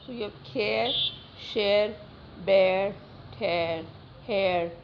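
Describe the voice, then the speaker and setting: A woman teaching a phonetics lesson, reading word lists slowly and deliberately with many fillers. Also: mid-range voice. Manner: slow and deliberate, repeating words, many fillers. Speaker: English teacher. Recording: slightly dull recording with faint noise.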